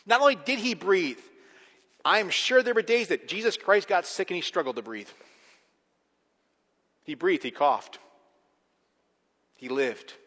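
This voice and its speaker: A male pastor preaching a sermon, swinging from hushed reflection to emphatic, rising delivery. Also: high-pitched, sing-song, moderate pace. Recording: long hall reverb.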